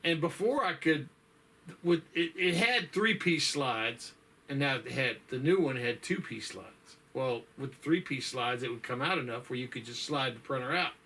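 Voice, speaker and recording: A man's voice: medium pitch, moderate pace, bright, forceful tone, husky. A man chatting casually to his viewers in a folksy, rambling way, tired and yawning, with lots of fillers and sighs. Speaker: vlogger. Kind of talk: casual chat.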